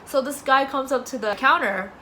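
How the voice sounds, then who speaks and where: A young woman who works as a cosmetics counter manager, telling a customer story in an expressive, incredulous way. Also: sits high, moderate pace, a little hiss or hum. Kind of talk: casual storytelling chat.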